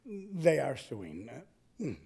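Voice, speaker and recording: Gravelly, strained-voiced man complaining bluntly. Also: medium pitch, sing-song, extremely slow, mellow. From United States. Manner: blunt, indignant, repeats for emphasis. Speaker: resident giving public comment. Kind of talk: public comment at a council meeting.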